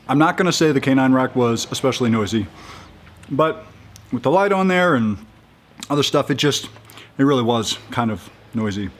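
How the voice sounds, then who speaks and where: A man talking casually in a how-to video, halting and upbeat, with many restarts and fillers as he works. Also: mid-range voice, expressive, a little hiss or hum. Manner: chatty and upbeat. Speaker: vlogger installing a roof rack.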